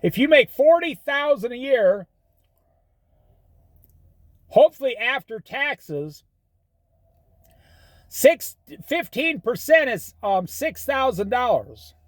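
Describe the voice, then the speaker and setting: A man's voice: very high-pitched, big pitch swings, takes it slowly, long pauses, no room sound. A middle-aged man giving folksy, preachy life and money advice, telling stories as he goes. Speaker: host. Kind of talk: casual monologue.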